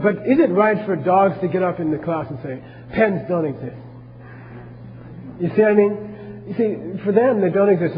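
A man's voice: high voice, big-room sound, muffled recording. A man teaching a class on Buddhism, talking casually and asking his listeners questions as he goes.

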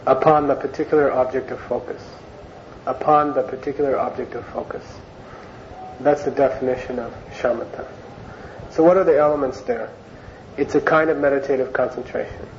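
A man teaching an informal Buddhist class in a chatty, unhurried way, restating key words so they sink in. His voice sits in a middle range. The recording is muffled and lo-fi, with a soft hiss underneath. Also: medium pitch. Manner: conversational, repeats words and phrases for emphasis. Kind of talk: informal Dharma class lecture. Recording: dull lo-fi recording with faint hiss.

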